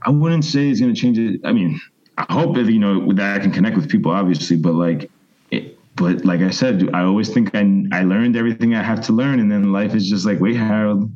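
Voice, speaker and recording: A man's voice: fairly low pitch, a little fast, lo-fi sound. Rambling storyteller man in his thirties. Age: 30s. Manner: rambling, animated storyteller, mimics voices. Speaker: interview guest. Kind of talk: casual storytelling interview.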